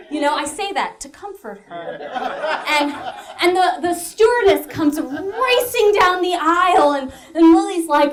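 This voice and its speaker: A woman telling a comic story in a solo show, with a high voice that swoops all over. She laughs her way through the lines and cuts in with dry, deadpan remarks. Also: normal speed, noisy background. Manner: animated, laughing, with dry asides. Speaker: comedian and storyteller.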